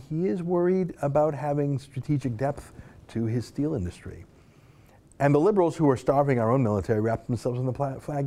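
A man's voice: fairly high pitch, warm tone. A man giving a sarcastic, mocking political commentary, reading tweets aloud and scoffing at them.

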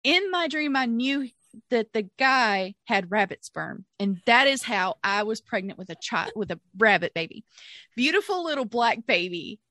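A woman spins a long story for her podcast audience. Her bright voice swings widely in pitch as she laughs and acts out the quotes. The recording is dry and close. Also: sing-song, moderate pace, dry recording. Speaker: podcast co-host. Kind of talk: casual storytelling chat.

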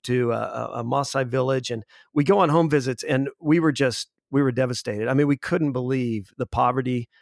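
A man in his forties tells a story with earnest, halting sincerity, often restarting his sentences. His voice has a gravelly edge and sits at a middle pitch. The sound is dry and close, with no room around it. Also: dry recording. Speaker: guest. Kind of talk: conversational storytelling.

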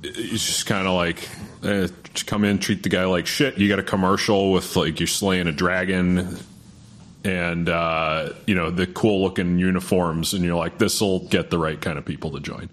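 A man's voice: low-pitched, fairly even intonation, normal speed, fairly bright tone. A man hosting a casual podcast chat, chiming in with wry joking asides.

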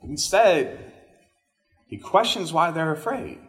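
A male pastor giving a conversational sermon, chatty, with casual asides and animated emphasis. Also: a little high, slow pace.

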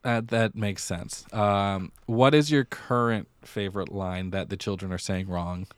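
Man co-host, lowish pitch, smooth resonant voice, dry sound, playful. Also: fairly even intonation, no room sound. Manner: playful, quick reactions and quips. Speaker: podcast co-host. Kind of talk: casual chat.

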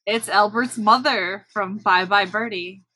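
Slow-talking husky woman. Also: mid-range voice, sharp tone, dry recording, rough recording. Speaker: podcast co-host. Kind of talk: casual chat recapping a movie.

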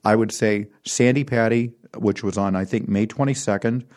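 A man's voice: on the low side, normal speed, darkish tone. A middle-aged man, a concert promoter, telling rambling anecdotes in casual chat with dry humor.

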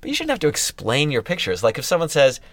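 A middle-aged man co-hosting a podcast, talking things through in a thoughtful, halting way with many restarts. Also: a little high, huge pitch swings, fairly bright tone, no room sound. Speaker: podcast co-host. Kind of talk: casual chat.

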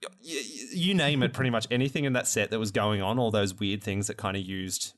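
Man, podcast host, fairly low voice, rambling, lots of restarts. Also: steady tone, a little fast, a bit bright. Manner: rambling with many restarts and fillers. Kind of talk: casual chat.

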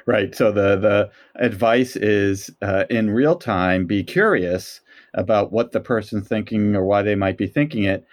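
A man's voice: on the low side, unhurried. A man hosting a podcast interview, summarizing advice politely and giving the sign-off. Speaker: podcast host. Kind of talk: interview and outro.

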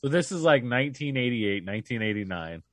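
A man's voice: medium pitch, animated, brisk, no room sound. A man co-hosting a podcast, telling crude jokes and acting out quoted voices in casual banter. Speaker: podcast co-host.

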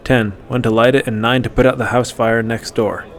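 A man's voice: medium pitch, little pitch movement, brisk, natural voice. A man voicing a wry, easily flustered male hunter in a storybook reading.

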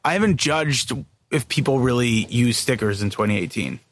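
A man's voice: medium pitch, animated, normal speed, no room sound. A man co-hosting a podcast in casual chat, rambling with lots of restarts and filler words. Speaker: podcast co-host.

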